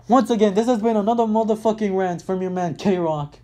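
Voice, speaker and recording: An angry man delivers a sports rant, his voice dark and mellow even as he swears at every turn. He circles back to the same complaints again and again, heated and blunt. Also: high voice, measured pace, long pauses. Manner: heated, swearing, repeats himself. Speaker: vlogger ranting about his basketball team.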